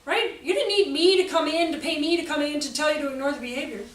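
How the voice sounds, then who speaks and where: A woman in her forties gives a lively talk to an audience, joking and acting out what people said. Her voice sits high and comes from a distance in a large echoey hall. A faint noise is heard under her. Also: fast talker. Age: 40s. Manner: animated, jokey, acts out quotes. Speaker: speaker on child behavior.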